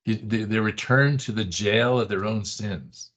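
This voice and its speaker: At a measured pace, a man with a lowish, fairly bright voice teaches a Bible study class, emphatic and conversational, repeating short phrases. He keeps checking in by asking "right?", and the recording from the classroom is dull and lo-fi.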